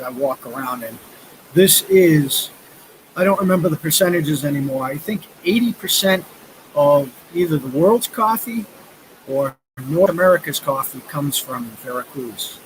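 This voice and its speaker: Outdoors by a river, a vlogger in his fifties chats casually on a live stream, rambling through stories packed with fillers. His voice sits on the high side with a fairly bright tone, and the low-quality recording carries slight background noise.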